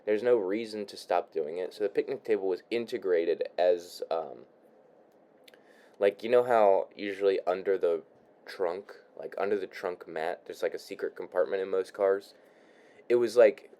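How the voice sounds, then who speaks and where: A man's voice: on the low side, dark tone. A young man talking casually in his room while building a paper model, rambling with many restarts, sighs and casual swearing. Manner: halting, repeats words, sighs, swears casually. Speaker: vlogger.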